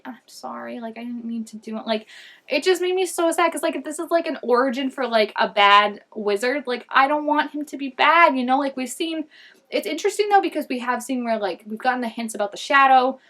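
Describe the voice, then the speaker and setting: A woman's voice: high voice, lively intonation, fairly quick, fairly bright tone. A young woman rambles through a casual fan recap vlog, gushing over the characters. She keeps circling back on her thoughts and stacks up filler words as she goes.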